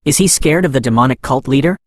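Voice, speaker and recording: A man's voice: mid-range voice, fast, no echo, close to an everyday voice. A man voicing an anxious, loyal young male disciple, read in a recap narration in a dry recording.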